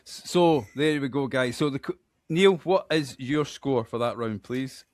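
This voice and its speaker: A man's voice: medium pitch, no echo. A man from Scotland with a Scottish accent, hosting a podcast quiz in a chatty, self-deprecating way. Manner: chatty, self-deprecating, reads names out slowly. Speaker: quiz host.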